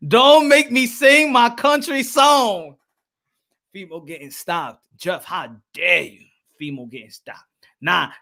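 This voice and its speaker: A man's voice: very high-pitched, bright, forceful tone. A man hosting a live boxing podcast in playful, joking casual chat, often repeating himself.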